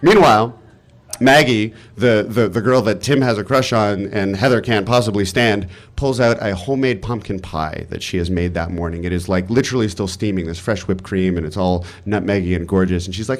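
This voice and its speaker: A man telling a personal story live on stage, animated and exasperated, swearing freely. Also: mid-range voice, brisk.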